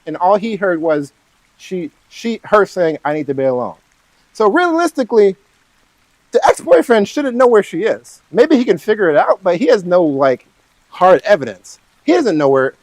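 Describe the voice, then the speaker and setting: A man's voice: on the high side, a little mellow, no room sound, rough recording. A man casually retelling and reworking a film's plot, rambling, with lots of "like" and "right?". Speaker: study vlogger.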